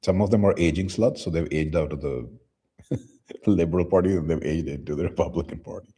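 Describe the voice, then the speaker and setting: Male commentary host, deep mellow husky tone, blunt and profane delivery. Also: fairly quick. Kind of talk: casual commentary reading posts aloud.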